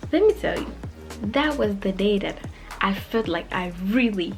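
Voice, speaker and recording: A young woman casually telling a personal story, animated and acting out her past self in quoted lines, sometimes dropping to a whisper. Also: medium pitch.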